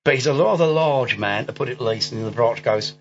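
Full of ums and restarts, a male podcast host rambles and laughs his way through a casual recap of a movie plot. His voice is mid-range and fairly quick, heard over dull lo-fi audio with faint music behind it.

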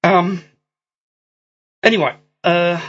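This male podcast host's voice sits high, with fairly even intonation, a slow pace and a fairly bright tone, plus a little hiss or hum. He casually recaps a movie plot, rambling, laughing and full of ums and restarts, over dull lo-fi audio with faint music.

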